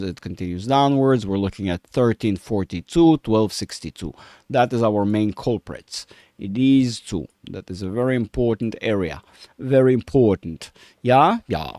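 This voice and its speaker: A man's voice: fairly low pitch, darkish tone, no room sound, clean studio sound. A man hosting a casual chart analysis, rambling and profane, humming while he thinks. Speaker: market analyst host.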